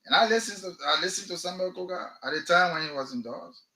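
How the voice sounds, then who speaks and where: A man's voice: sits high, quick pace, pushed and bright, reverberant, rough recording. A man with a Liberian English accent hosting a radio talk show, delivering impassioned political commentary and firing off repeated rhetorical questions. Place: radio studio.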